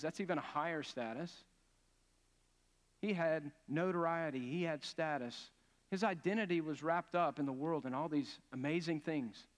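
A man's voice: a little high, moderate pace. A male pastor preaching a sermon in an earnest, emphatic way, asking his listeners questions as he builds each point. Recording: long hall reverb.

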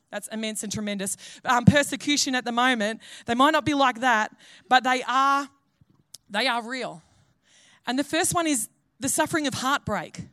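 Earnest high-voiced woman pastor preaching. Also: fairly bright tone, no echo, studio quality. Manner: earnest, conversational preaching with restarts. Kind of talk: sermon.

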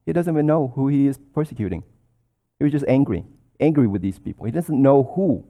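A man's voice: mid-range voice, lively intonation, brisk, mellow. A man preaching a sermon, explaining scripture in an earnest, explanatory way and quoting verses.

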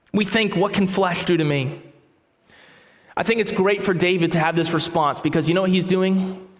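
A man's voice: on the high side, fairly bright tone. A man preaching a sermon as pastor, with emphatic delivery that repeats key phrases. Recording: echoey hall with long reverb.

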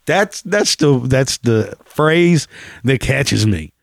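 A man's voice: medium pitch, sing-song, measured pace, no echo, studio quality. Sarcastic, foul-mouthed man reacting to a video. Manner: sarcastic and profane. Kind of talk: casual reaction commentary.

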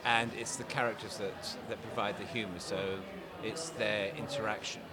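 A man with a lowish voice answers slowly, searching for his words before settling into a steady storytelling rhythm. The chatter of a thick crowd rolls around him outdoors. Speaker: author guest. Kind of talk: casual interview answers, telling a joke.

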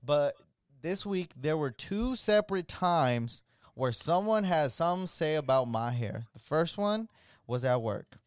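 Man, podcast co-host, slangy animated storyteller, fairly high voice, dry sound. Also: measured pace, clean tone, no room sound. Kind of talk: casual storytelling chat.

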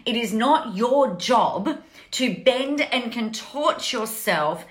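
A woman's voice: fairly high pitch, expressive, takes it slowly. A woman with an Australian accent, chatting casually to camera as a business coach, telling a story with lots of swearing and laughter.

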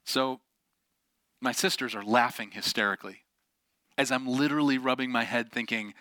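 A man's voice: mid-range voice, normal speed, no room sound, studio quality. A young adult man preaching a sermon as a pastor, telling a personal story and acting out the voices in it. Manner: animated storytelling with acted-out quotes.

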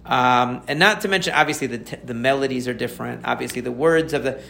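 A man, a rabbi, explaining prayer in a conversational lesson, answering a listener's questions and repeating key phrases as he warms up. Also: mid-range voice, fast, vocal fry, a little hiss or hum.

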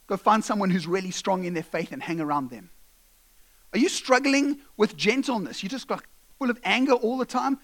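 A male pastor delivers a sermon, his voice pitched notably high for a man. He tells stories with energy, slipping into the voices of the people in them. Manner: animated storytelling, acting out voices.

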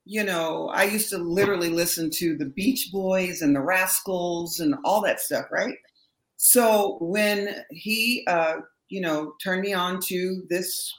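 A woman from Berkeley, a session singer, telling stories in a lively, laughing way as an interview guest. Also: lowish voice, reverberant, rough recording. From Berkeley, California. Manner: animated storyteller, laughs often. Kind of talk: casual interview chat.

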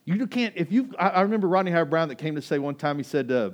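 A pastor delivering a sermon as an animated, emphatic storyteller, a man whose voice swings between hushed and loud. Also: fairly high pitch, quick pace, hardly any pauses.

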